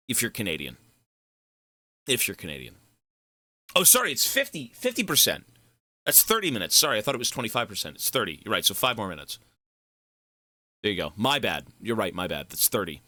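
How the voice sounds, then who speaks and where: A male live streamer chatting casually and thanking donors, excitable and effusive, swearing freely. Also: fairly low pitch, no room sound, clean studio sound.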